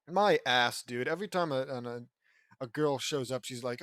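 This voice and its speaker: A man's voice: medium pitch, moderate pace, a bit bright, no echo, studio quality. A man casually reading a fan fiction story aloud, stumbling over words, swearing and breaking off for joking asides.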